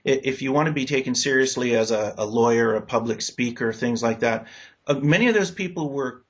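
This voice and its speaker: A man hosts a relaxed interview, drifting through his questions in a curious, meandering way. His voice sits at a middling pitch. The recording is muffled and lo-fi. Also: fairly quick. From United States. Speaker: interview host. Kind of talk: casual interview chat. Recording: dull lo-fi recording.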